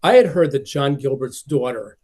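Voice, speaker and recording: A man's voice: medium pitch, animated, normal speed, darkish tone. A man, a film collector being interviewed, telling stories and acting out the voices of the people he quotes. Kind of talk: conversational storytelling.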